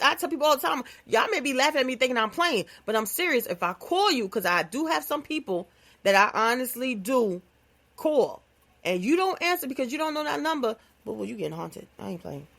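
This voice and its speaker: Animated woman podcast host. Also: sits high, a little fast, creaky. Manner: animated, playful, conversational with vernacular phrasing. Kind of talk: casual comedic monologue.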